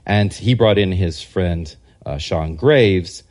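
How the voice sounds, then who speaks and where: A man with a somewhat low voice talks in a relaxed, unscripted way as a podcast guest. He rambles through long anecdotes, restarting sentences and briefly acting out what other people said. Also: slow pace. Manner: rambling, animated anecdotes that act out quoted people. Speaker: guest historian and religious scholar. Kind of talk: casual podcast interview storytelling.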